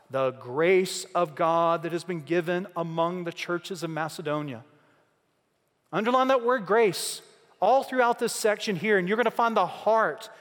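A man preaching a sermon, building through repeated rhetorical questions and slow, emphatic pauses. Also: high voice. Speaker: pastor. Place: church sanctuary. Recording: long hall reverb.

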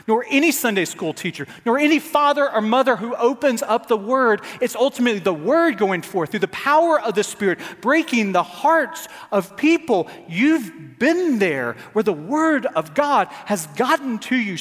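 A male pastor preaching a dramatic sermon to his congregation, sometimes dropping to soft near-whispers. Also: very high voice. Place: church sanctuary. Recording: church sanctuary with long reverb.

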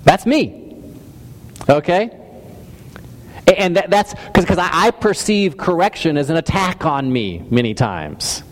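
A man delivers a sermon in a loose, conversational way, often restarting his sentences and poking fun at himself. His voice sits a little on the high side, and a long reverb trails behind it in a church hall. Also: expressive, a little slow, long pauses. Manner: conversational, self-deprecating, many restarts and stammers. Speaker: pastor.

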